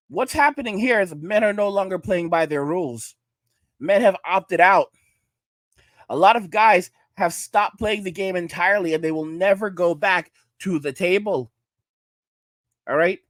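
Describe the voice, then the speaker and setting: A man's voice: sits high, lively intonation, moderate pace, fairly bright tone, no room sound. A man from New York giving emphatic reaction commentary, often checking in with his listeners. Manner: emphatic, repeats "all right?".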